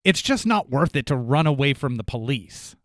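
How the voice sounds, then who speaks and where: A man's voice: medium pitch, big pitch swings, normal speed, fairly bright tone, no room sound, clean studio sound. A man hosting a podcast, commenting reflectively and asking follow-up questions in casual chat. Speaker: podcast host.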